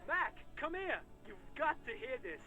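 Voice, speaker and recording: A man's voice: very high voice, moderate pace, soft background music, full character voice. An actor playing a crude male police officer mocking a colleague over the radio in a video game. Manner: jeering, crude, lively.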